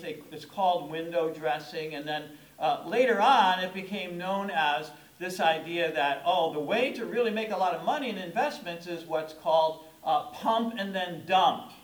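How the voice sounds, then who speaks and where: A middle-aged pastor with a high voice delivers a chatty, storytelling sermon, punching certain words for emphasis. The sound rings around an echoey church sanctuary. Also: male voice. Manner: conversational, storytelling preaching with emphatic stresses. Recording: echoey room.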